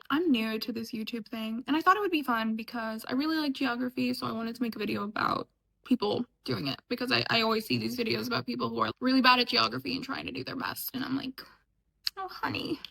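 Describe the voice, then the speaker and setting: A woman's voice: fairly high pitch, gravelly, sharp tone, rough recording. A young woman from upstate New York, chatting casually and sarcastically as she reacts to clips, often laughing. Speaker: reaction vlogger. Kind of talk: casual chat.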